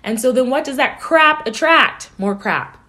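A woman's voice: high voice, lively intonation, unhurried, bright, forceful tone. A woman life coach giving an earnest, encouraging motivational talk, often checking in with "right?".

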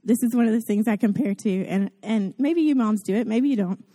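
A mother with a Southern US accent giving a casual, chatty Mother's Day sermon to her church, self-deprecating and lively in how she tells it. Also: a little high, fairly quick. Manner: chatty and self-deprecating, acts out gushing voices. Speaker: guest preacher at a church service.

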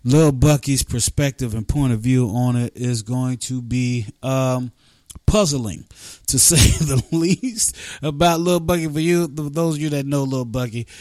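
A man hosts a radio show with an easygoing, rambling flow, piling on slang and casual asides. His voice sits at a mid pitch, and the recording is dry and close, with no room sound. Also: darkish tone, no echo. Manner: loose, rambling, chatty with vernacular.

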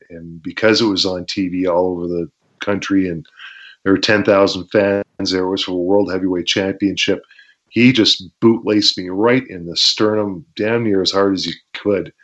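Brief: Canadian ex-wrestler, guest storyteller, low voice, dull lo-fi audio, acts out the action. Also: male voice. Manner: animated, acts out shouts and sound effects, laughs often. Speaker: interview guest, former pro wrestler. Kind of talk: casual storytelling interview.

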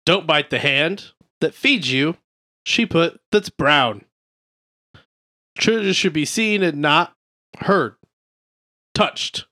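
A man co-hosting a casual comedy podcast, reading comedians' jokes aloud in a deadpan way between crude banter. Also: fairly high pitch, takes it slowly, pauses often, dry recording, studio quality. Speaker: podcast co-host.

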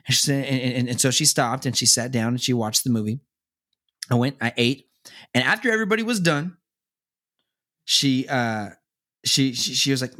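A young man chatting casually as a podcast co-host, rambling with many restarts and repeated words, and turning animated when he quotes others. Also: a little fast. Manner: animated, jumps higher when quoting others. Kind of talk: casual chat.

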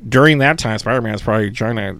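A man co-hosting a podcast, rambling in casual, animated chat and swearing freely. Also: on the low side, quick pace. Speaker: podcast co-host.

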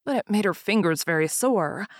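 A woman narrating a fairy tale aloud in a calm, even storytelling manner. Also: medium pitch, normal speed, no room sound, clean studio sound.

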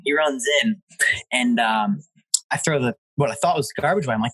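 A man in his twenties, a guest telling funny stories in a casual chat, lively and laughing as he quotes people. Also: mid-range voice, fast talker, slightly rough, no room sound, low-quality recording. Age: 20s. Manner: laughing, animated retelling with quoted voices. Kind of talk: casual storytelling.

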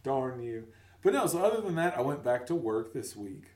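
A man's voice: medium pitch, moderate pace, roomy sound, distant mic. A man in his thirties telling a funny story on a podcast, acting out the voices of the people in it. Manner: animated, acts out voices in his stories. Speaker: podcast co-host. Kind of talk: casual comedic storytelling.

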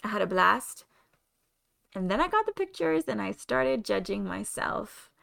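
A young woman with a Spanish accent, talking openly and confessionally as a podcast host, sometimes pausing to find her words. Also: medium pitch, very animated, creaky, a bit bright. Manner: open, confessional, searching for words. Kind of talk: candid solo podcast monologue.

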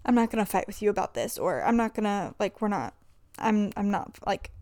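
A woman's voice: medium pitch, animated, fairly quick, a little mellow, no room sound, studio quality. A young adult woman talking through personal struggles in a rambling, confessional way, filling her speech with "like" and restarts. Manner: rambling, filler-heavy with frequent "like". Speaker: vlogger.

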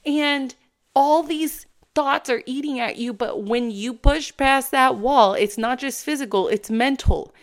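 An animated woman talks straight to camera in a casual motivational style. She leans hard on her emphasis, and her voice swings as she acts out her own inner thoughts. She sounds sure of herself throughout. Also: high-pitched, a little slow. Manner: self-assured. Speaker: motivational vlogger.

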